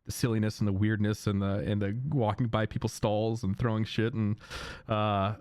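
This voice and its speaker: A man streaming to his viewers in a loose, rambling chat, often repeating himself and breaking into loud, high, excited laughter. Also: normal speed, clear, resonant tone, no room sound, clean studio sound.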